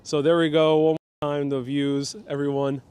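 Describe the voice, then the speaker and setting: Outdoors in a waterfront park, a live-stream host and city guide from New York, of Puerto Rican family, leads a casual walking tour on a gimbal-mounted phone camera. His voice is on the high side, darkish and clean, with little pitch movement and a moderate pace. He chats and laughs as he reads viewer comments aloud.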